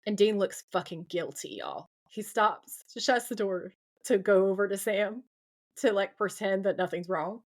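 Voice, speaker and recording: A woman's voice: mid-range voice, lively intonation, measured pace. A young adult woman co-hosting a podcast, effusively retelling TV scenes by quoting the dialogue. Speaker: podcast co-host. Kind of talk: casual recap chat.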